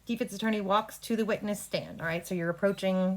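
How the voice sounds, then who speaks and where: A woman coaching an actor through a play rehearsal in a brisk, instructive way, talking through cues and line readings. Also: on the low side, steady tone. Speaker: drama coach.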